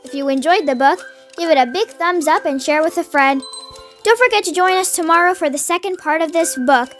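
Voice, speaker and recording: A read-along narrator reading a children's story aloud in a steady, expressive way, then signing off to viewers. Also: extremely high pitch, a little fast, faint music behind.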